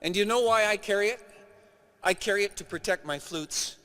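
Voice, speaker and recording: A middle-aged Canadian man giving an animated, emphatic keynote speech to a live conference audience. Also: high-pitched, fairly quick. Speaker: keynote speaker. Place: large conference hall. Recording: reverberant conference hall.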